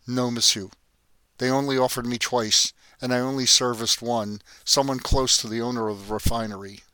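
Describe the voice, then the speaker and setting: A man voicing a guarded, sharp-witted young woman working as a hotel maid. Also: medium pitch, steady tone, normal speed, smooth, dry recording, natural voice. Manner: polite, composed, quietly defiant.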